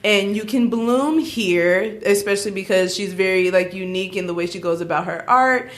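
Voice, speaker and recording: A woman's voice: mid-range voice, moderate pace. A young woman guest in a casual podcast chat, playful and emphatic, often laughing as she talks.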